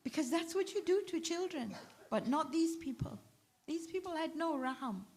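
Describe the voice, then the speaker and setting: A woman's voice: sits high, expressive, normal speed, darkish tone, slight background noise. A woman with a British accent giving a majlis sermon, narrating a story and acting out the dialogue. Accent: British English. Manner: storytelling, acts out quoted dialogue. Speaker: zakira. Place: ladies' majlis hall.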